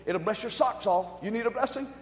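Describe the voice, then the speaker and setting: A pastor preaches with a very high-pitched, excitable voice. He swings from quiet asides to loud shouted bursts. His voice rings through a large, echoing church hall with a long reverb. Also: fairly quick. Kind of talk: sermon.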